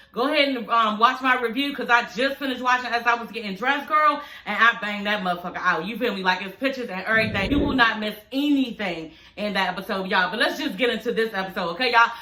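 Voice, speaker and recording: A woman's voice: a little high, pushed and bright, roomy sound. A woman reviewing a TV episode in a casual, chatty way, often cursing, laughing and calling her viewers y'all and girl. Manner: laughs often while talking. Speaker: show recap vlogger.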